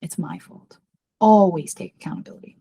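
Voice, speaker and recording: A woman's voice: brisk, vocal fry, husky. A woman guesting on a podcast as a psychic medium, telling a candid personal story in an earnest, confiding way and acting out the voices she quotes. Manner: earnest and confiding, talks about herself by name; animated, jumps high when acting out quoted voices.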